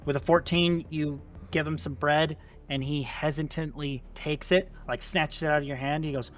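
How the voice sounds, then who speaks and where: A man's voice: fairly high pitch, steady tone, moderate pace. A man narrating a tabletop game as game master, in a casual style full of fillers. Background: faint music.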